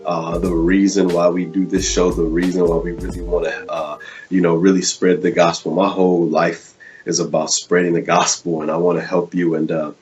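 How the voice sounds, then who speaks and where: A man's voice: low voice, level tone, normal speed, darkish tone. A man hosting a live online show as a life coach, casual with many fillers, rising into fervent preaching. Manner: rises into fervent preaching cadence.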